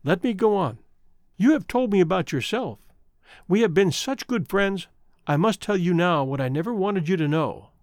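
A man's voice: high-pitched, expressive, moderate pace, dry recording, clean studio sound. A man reading the lines of a remorseful young woman, a former chorus singer, with an earnest, confessional manner.

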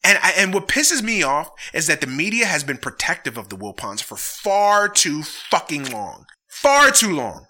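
A man's voice: fairly high pitch, big pitch swings, normal speed, few pauses, sharp tone. A man hosting a casual sports podcast, ranting with heavy swearing and then signing off with sincere thanks. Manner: profane, heated ranting. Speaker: podcast host.

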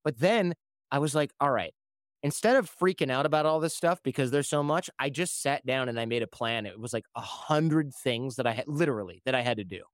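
A man's voice: medium pitch, a little fast, no room sound, studio quality. A podcast host telling a story in a casual way, acting out the quoted voices of other people as he goes. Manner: animated, acts out quoted voices.

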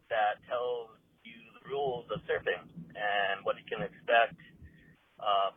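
Husky man on a tinny phone line. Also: on the low side. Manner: hesitant, filler-heavy, earnest. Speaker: caller. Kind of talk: voicemail question to a podcast.

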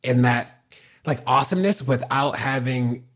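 A man hosting a podcast, talking in a relaxed, conversational way with lots of fillers. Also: medium pitch, moderate pace. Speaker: podcast host. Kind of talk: casual podcast chat.

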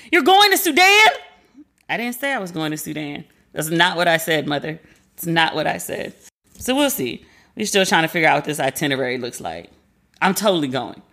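A woman in her forties hosting a podcast, chatting casually and animatedly, slangy, acting out quoted people in a higher voice. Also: fairly bright tone. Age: 40s. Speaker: podcast host. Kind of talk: casual chat.

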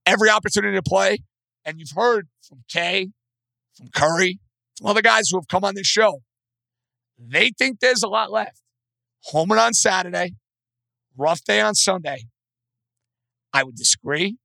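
Hoarse, opinionated sports radio host. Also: male voice, high-pitched, sharp tone, no room sound. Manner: blunt, opinionated.

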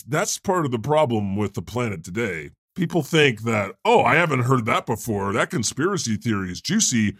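A man's voice: medium pitch, no room sound, clean studio sound, full character voice. A man playing God, a chatty male deity who hosts an improvised comedy podcast. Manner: conversational, quick to laugh, animated. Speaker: host.

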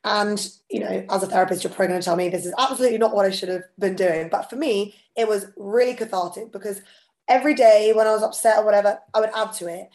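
A woman co-host on a casual podcast, speaking at a middle pitch. She is chatty and expressive, sharing her own experiences openly and with feeling. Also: quick pace. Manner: chatty, expressive, personal storytelling.

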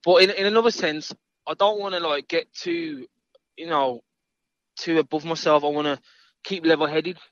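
A man's voice: a little high, lively intonation, moderate pace, gravelly, fairly bright tone, no room sound, highs cut off. A man, a guest in an interview, talking in an easygoing, rambling way and repeating his words. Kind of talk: casual interview chat.

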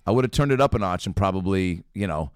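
Male comedian, low smooth voice, easygoing storyteller on a dry close mic. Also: animated, no room sound. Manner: rambling anecdotes with quick quoted asides. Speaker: comedian guest. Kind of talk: casual chat, comic storytelling.

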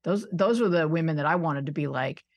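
A woman's voice: deep voice, fairly quick. A woman in her sixties from upstate New York, chatting as a podcast guest, self-deprecating and laughing often. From United States (suburban Buffalo, New York). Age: 60s. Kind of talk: casual interview chat.

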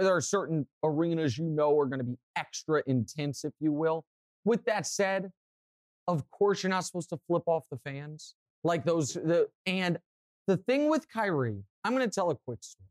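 A young man co-hosting a sports podcast, telling stories and giving strong opinions in an animated way. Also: on the high side, no room sound, studio quality. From Kansas City, US. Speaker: podcast co-host. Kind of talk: casual sports talk.

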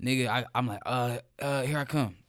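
A young man telling a story in casual chat, animated and slangy, cursing freely. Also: medium pitch, brisk, no room sound.

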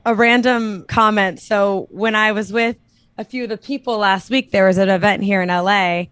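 A woman's voice: medium pitch, fairly even intonation, moderate pace, a bit bright, clear, resonant tone, no room sound. A woman co-hosting a casual chat, telling stories in a chatty way. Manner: chatty storytelling with laughs. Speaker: podcast co-host.

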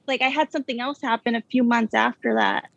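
A woman with a fairly high, fry-tinged voice recounts a ghost story, stopping and restarting with plenty of fillers. The sound is dull and lo-fi, with a close, dry room. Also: fairly even intonation, a bit bright, dry recording. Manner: halting, filler-heavy, nervous laughs. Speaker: caller telling a ghost story. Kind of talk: casual storytelling.

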